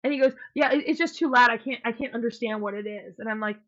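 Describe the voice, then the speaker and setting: Woman podcast co-host, chatty storyteller, slightly high voice, muffled lo-fi sound. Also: quick pace, hardly any pauses. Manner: animated storyteller, acts out quotes, swears. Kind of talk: casual storytelling chat. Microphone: podcast mic, remote call.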